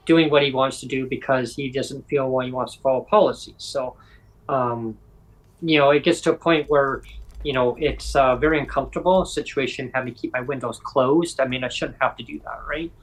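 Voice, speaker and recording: A man's voice: mid-range voice, a little fast. A man from Canada hosting a podcast, telling a story casually and acting out the voices he quotes. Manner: animated, acts out quoted voices. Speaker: podcast host. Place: home.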